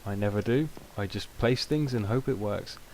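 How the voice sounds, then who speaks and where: A man's voice: on the low side, normal speed, darkish tone. A young British man giving rambling, self-mocking casual gameplay commentary, with many ums. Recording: noisy home recording.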